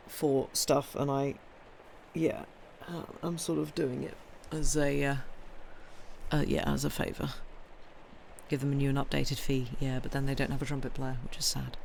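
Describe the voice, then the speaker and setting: A woman hosting a reading stream, chatting casually with viewers and reading their comments aloud, her voice slightly croaky. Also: sits low, a little hiss or hum. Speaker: host of a story-reading stream.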